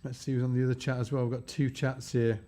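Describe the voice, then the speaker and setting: A man hosting a live-stream bass lesson, chatty and upbeat, greeting viewers by name. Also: flat delivery, fast talker, mellow. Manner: chatty and upbeat, reads out viewer names, frequent fillers and restarts.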